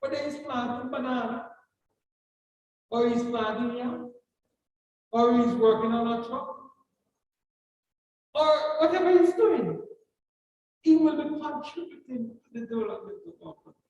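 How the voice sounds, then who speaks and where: A Jamaican-accented speaker gives a ceremonial address at a measured, unhurried pace. The delivery is earnest and built on stories, with words repeated for emphasis. The voice sits far from the mic in a heavily reverberant hall, with faint ambient noise behind it. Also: medium pitch, darkish tone, highs cut off. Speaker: guest speaker at a justice of the peace commissioning. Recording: distant voice in a very echoey hall.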